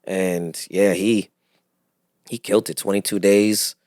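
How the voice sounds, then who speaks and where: A man, an actor guest telling animated stories in a casual interview chat. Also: lowish voice, slow, no echo, studio quality. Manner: animated storyteller, acts out other voices with laughter.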